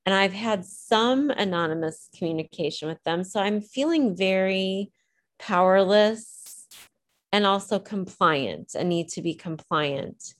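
A woman's voice: medium pitch, a little slow. A woman being interviewed, telling a personal story in a reflective, hesitant way, choosing her words with care. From Illinois. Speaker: interview guest.

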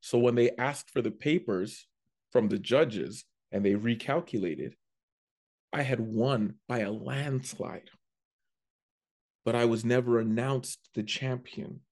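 A man, a comedian, telling a story in a casual chat, animated and prone to restarting his sentences. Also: medium pitch, slow. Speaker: comedian guest.

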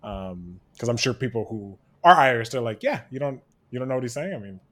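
A man's voice: mid-range voice, animated, fairly quick, a bit bright. A man co-hosting a podcast, musing thoughtfully in casual chat with hesitant restarts. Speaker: podcast co-host.

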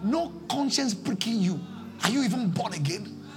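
A Nigerian-accented man preaching a sermon as pastor, impassioned, swinging between shouts and low pleading, in a church service. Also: animated, normal speed, music in the background.

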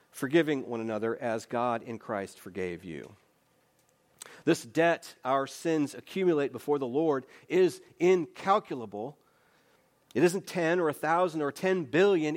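Speaking at medium pitch, a pastor delivers an earnest, emphatic sermon full of repeated phrases and conversational rhetorical questions.

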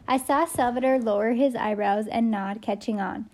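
A woman's voice: on the high side, moderate pace, hardly any pauses, darkish tone. A woman narrating a first-person audiobook in a spirited, folksy storytelling voice.

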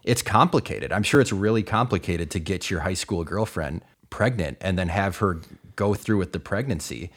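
A man with a very low voice talks through a film on a podcast. He is emphatic and incredulous, slowing down to hammer his points home. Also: lively intonation. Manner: emphatic, incredulous, deliberate stresses. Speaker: podcast co-host. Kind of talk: casual movie discussion.

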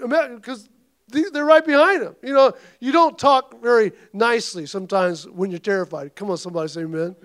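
A man preaching with a very high-pitched voice. He swings from chatty asides full of restarts to loud, emphatic declarations, urging his congregation on. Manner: impassioned preaching, rising to loud emphatic peaks; asides and restarts, conversational stretches. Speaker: pastor. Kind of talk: sermon.

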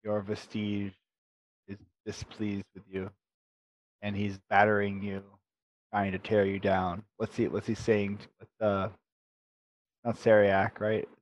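A man's voice: on the low side, monotone, slow, long pauses, dry recording, poor audio. A man running a tabletop role-playing game, narrating the scene to his players in a loose, conversational way. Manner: conversational, with frequent restarts. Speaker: game master.

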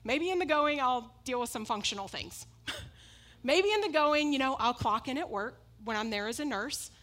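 A woman's voice: high voice, animated, normal speed, fairly bright tone. A woman preaching a sermon, emphatic and repetitive, often breaking into laughs as she makes her points.

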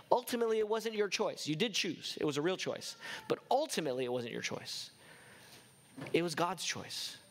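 A man's voice: high-pitched, a bit bright. A man preaching a sermon with passion, firing off rhetorical questions at his congregation. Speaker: pastor.

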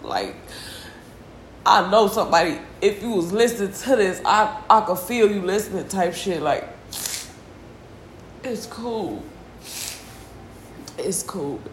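A distressed, tearful woman hosting a solo confessional podcast, venting slowly and heavily with sighs and a lot of swearing. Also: mid-range voice, expressive, roomy sound, a little hiss or hum. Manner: slow, heavy, profane venting with sighs. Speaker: podcast host.

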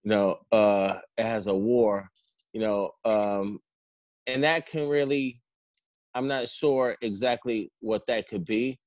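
A man's voice: lowish voice, steady tone, takes it slowly, a little mellow, dry recording. A man in casual conversation who rambles and often asks "you know what I'm saying". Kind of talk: casual chat.

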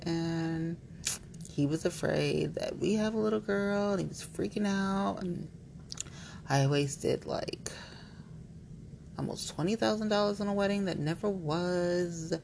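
A woman's voice: lowish voice, big pitch swings, takes it slowly, creaky, darkish tone, slight background noise, rough recording. A woman chatting candidly to camera, rambling and playful, frank and a little giggly, with lots of "like.". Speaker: vlogger. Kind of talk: candid casual chat to camera.

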